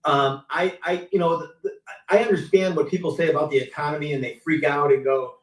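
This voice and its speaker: A man's voice: on the high side, fairly even intonation, fairly quick. A middle-aged man, a car sales veteran, telling stories casually on a live stream and acting out his customers' lines. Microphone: video call. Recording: roomy, distant mic.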